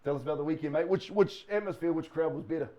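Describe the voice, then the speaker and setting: Podcast co-host, New Zealand man, quick and slightly high-voiced. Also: warm tone, muffled recording. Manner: fast talker with many fillers and restarts. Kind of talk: casual chat.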